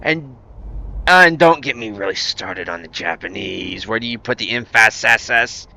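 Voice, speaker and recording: A man's voice: fairly low pitch, lively intonation, normal speed, gravelly, bright, forceful tone, a little hiss or hum. A man streaming a survival building game, chatting casually with his viewers and rambling through many fillers and restarts in an easygoing, self-deprecating way. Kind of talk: casual gameplay commentary answering chat.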